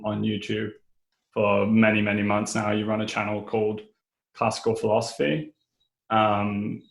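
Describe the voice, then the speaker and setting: A male podcast host with a low, gravelly voice that stays fairly flat. He speaks calmly, filling pauses with ums, and the sound carries an echoey room. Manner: calm, many ums and hedging phrases. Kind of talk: casual interview.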